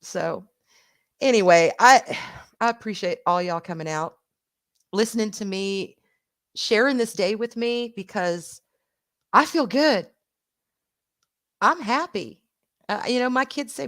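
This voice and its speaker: A middle-aged woman from the American South with a Southern accent, chatting casually and warmly with her stream audience, laughing often and swearing now and then. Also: a little high, moderate pace, long pauses.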